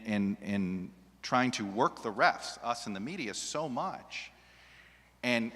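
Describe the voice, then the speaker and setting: Male journalist panelist, animated and restarting often, with a bright voice in a reverberant hall. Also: medium pitch. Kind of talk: panel discussion. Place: large hall with an audience. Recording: long reverb of a large hall.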